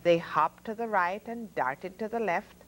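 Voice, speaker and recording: A woman hosting a story hour, reading children's picture books aloud with expressive sound effects and voices for the animals. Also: medium pitch, measured pace, poor audio. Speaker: storyteller host.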